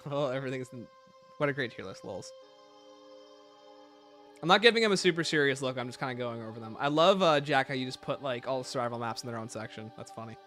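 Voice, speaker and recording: A man's voice: medium pitch, fairly quick, long pauses, fairly bright tone, faint music behind. A man casually chatting and joking on a livestream as the streamer, thinking aloud as he talks.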